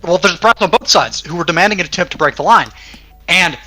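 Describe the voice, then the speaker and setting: A man's voice: sits high, fast talker, sharp tone, faint music behind. A man co-hosting a casual chat about alternate history, speaking in a laid-back, blunt way and swearing now and then. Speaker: podcast co-host.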